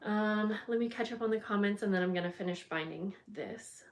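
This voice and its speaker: A woman's voice: medium pitch, brisk. Chatty woman crafting live on stream. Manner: chatty and scattered, greeting viewers and thinking aloud while she works. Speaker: bookbinding crafter hosting a livestream. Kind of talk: casual chat while working on a craft.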